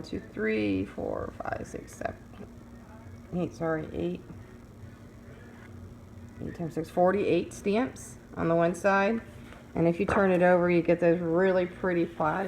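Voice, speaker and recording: A woman with a lowish voice chats her way through a show-and-tell of craft items. She rambles, restarts and coos over anything cute. A faint noise sits under the recording. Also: low-quality recording. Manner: chatty, rambling, cooing over cute designs. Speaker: craft seller.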